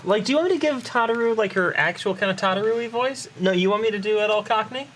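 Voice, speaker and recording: A woman's voice: mid-range voice, fast talker, a little hiss or hum. A woman streaming a game, chatting casually and giggling often. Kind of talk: casual gameplay chat.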